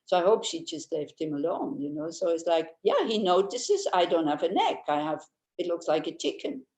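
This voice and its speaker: A woman's voice: fairly low pitch, very animated, moderate pace, a little mellow. An older woman giving an informal Buddhist teaching. She is chatty and humorous, telling anecdotes and laughing easily. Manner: chatty and anecdotal, with frequent restarts. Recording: roomy echo.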